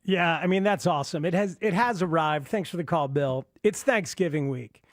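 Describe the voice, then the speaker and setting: A man hosting a sports talk radio show, chatting excitedly about football and taking calls. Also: on the high side, normal speed, no room sound, studio quality.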